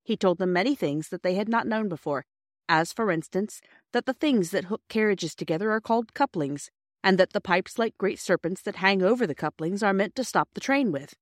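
A woman reads storybook narration with a measured, clear delivery. Her voice sits at an everyday middle pitch. The recording is dry with no room sound. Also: expressive, dry recording. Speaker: audiobook narrator.

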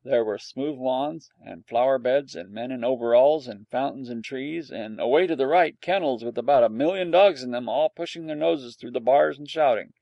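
A man with a gravelly voice reading a storybook aloud in a dry, wry first-person telling. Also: mid-range voice, moderate pace, hardly any pauses, mellow, dry recording, lo-fi sound. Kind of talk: storybook narration.

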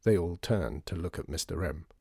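A man narrating a children's storybook in a measured, expressive reading. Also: deep voice, gravelly, breathy edge, dry recording, clean studio sound.

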